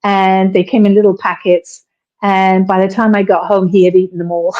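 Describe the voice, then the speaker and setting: Woman reminiscing, mellow dull-sounding line. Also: medium pitch, steady tone, normal speed. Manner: reminiscing, storytelling with quoted lines. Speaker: interview guest, widow. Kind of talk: conversational interview.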